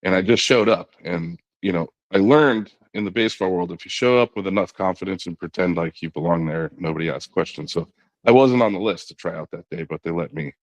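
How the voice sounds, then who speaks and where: A middle-aged man, a podcast guest, telling a long personal story in a relaxed conversational way, quoting others in his own voice with frequent "you know" and restarts. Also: deep voice, fairly quick, dry recording. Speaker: podcast guest, former knuckleball pitcher.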